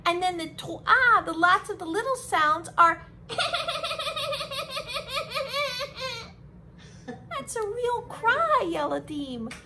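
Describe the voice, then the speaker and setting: A young woman teaching young children, talking slowly and in a sing-song way, as if to a class of small kids. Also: extremely high pitch, heavy background noise. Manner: animated, sing-song, slow and drawn out for kids. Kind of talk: children's lesson.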